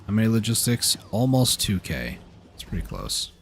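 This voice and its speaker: A man's voice: on the low side, moderate pace, vocal fry, a little hiss or hum. A man streaming a game, talking casually to himself as he plays. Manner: relaxed, muttering to himself while playing. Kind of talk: casual gameplay commentary.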